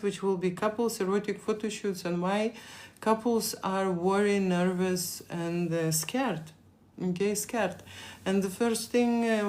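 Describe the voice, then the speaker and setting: A woman's voice: lowish voice, a little mellow. A woman from Lithuania with a Lithuanian accent, chatting on a live stream, rambling and repeating herself as she answers viewer questions. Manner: rambling, repeats words, frequent fillers.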